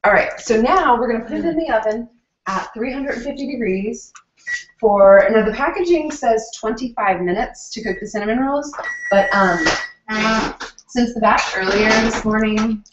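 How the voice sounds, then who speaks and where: A chatty, excitable woman co-hosts a cooking show in her home kitchen. Her voice comes from some way off the mic, with a roomy echo and a dull tone. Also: on the high side, moderate pace, noisy background. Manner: chatty and excitable, laughs often. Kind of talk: casual chat. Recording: roomy, distant, dull sound.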